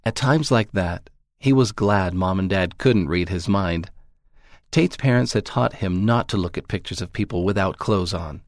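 Male storyteller, low voice, calm measured reading, dry booth sound. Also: no room sound. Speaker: story narrator. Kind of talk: scripted narration of a magazine story.

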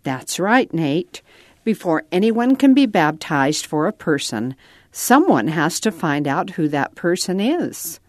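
A woman voicing a patient, kind mother gently explaining things to her son in a storybook read-aloud. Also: lowish voice, big pitch swings, slow, no echo, studio quality.

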